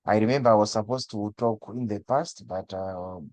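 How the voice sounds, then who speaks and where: A man's voice: fairly low pitch, normal speed, darkish tone, dry recording. A man from Malawi, a guest speaker on energy, explaining things over a video call with frequent restarts and stammers. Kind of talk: webinar discussion.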